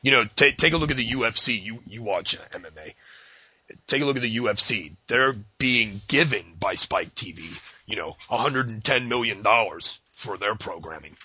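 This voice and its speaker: Deep-voiced ranting man, podcast host. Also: lively intonation, moderate pace, pushed and bright, slightly rough, no room sound. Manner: ranting, jokey, slips into a high announcer voice for quotes. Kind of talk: casual interview chat. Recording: dull lo-fi audio.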